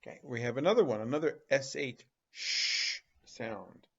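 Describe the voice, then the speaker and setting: A man teaching a phonics lesson to young children, slowly drawing out each sound and asking questions in an animated, exaggerated way. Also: medium pitch, creaky, slightly rough, muffled recording.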